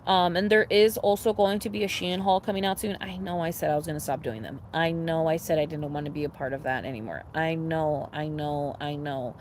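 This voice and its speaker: A young woman chatting casually on a livestream, rambling with lots of fillers and restarts, swearing freely and getting excitable. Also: low-pitched, brisk, few pauses, slight background noise. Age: young adult. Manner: animated, laughing and excitable. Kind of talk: casual chat to a live audience.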